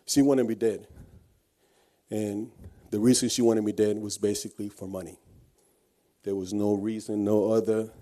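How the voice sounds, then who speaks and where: A man's voice: fairly low pitch, little pitch movement, moderate pace, warm tone. A man giving an earnest personal testimony, telling his story with frequent restarts. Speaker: guest speaker.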